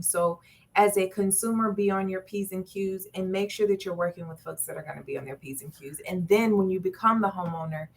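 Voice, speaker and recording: A woman real estate agent guest on a podcast, giving firm, direct advice. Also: lowish voice. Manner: firm, advisory. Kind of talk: podcast interview.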